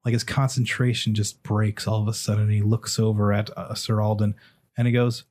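Husky-voiced man running a tabletop game. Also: on the low side, little pitch movement, a little mellow. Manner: halting, lots of fillers. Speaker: game master.

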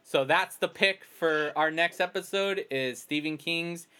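A male podcast host with a somewhat high voice talks in a loose, casual way. He rambles through stories, stops and restarts often, and acts out his own quoted lines as he goes. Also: a little slow, pushed and bright, clear, resonant tone. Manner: rambling, storytelling with quoted asides. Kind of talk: casual chat.

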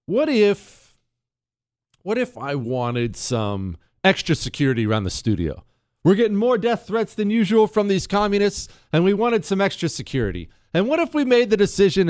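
Broadcasting from a radio studio, a middle-aged man from the U.S. delivers a sarcastic, combative monologue, opinionated and rambling, with frequent restarts and asides. His voice runs on the high side over dry, clean studio sound.

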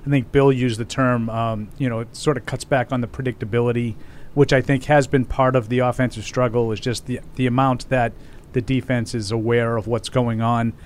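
Halting football reporter on a podcast. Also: male voice, mid-range voice, fairly even intonation, a little hiss or hum. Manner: halting, many fillers and restarts. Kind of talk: sports podcast chat.

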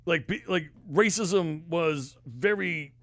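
A middle-aged man from New England telling a story on a podcast in a casual, profane, animated way. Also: slow, no room sound. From New England, United States. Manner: profane, animated storyteller, jumps into high-pitched acted quotes. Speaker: podcast co-host.

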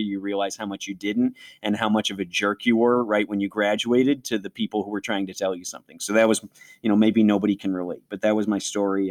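A man's voice: on the low side, a little mellow. A man in his forties from Western New York, hosting and telling his personal faith story in an interview, earnest and reflective, often acting out his own past thoughts.

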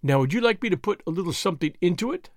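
A man's voice: sits high, animated, racing, no echo. Cunning servant slipping his master a wicked idea, man narrating him, dry close sound. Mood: sly. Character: sly scheming male servant, loyal.

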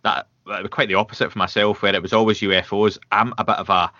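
A Scottish man hosting a podcast, asking questions in a friendly, self-deprecating, slightly halting way. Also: lowish voice, steady tone, pushed and bright, no room sound, lo-fi sound. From Scotland. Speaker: podcast host. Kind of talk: casual interview questions.

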